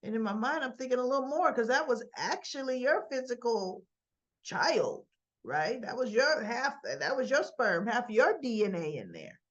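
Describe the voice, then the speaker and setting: A woman's voice: fairly high pitch, very animated, moderate pace, a bit bright. A woman at home, recapping soap opera episodes in a chatty, wandering way that often checks in with "right?". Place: at home with her dog. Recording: slightly dull lo-fi sound.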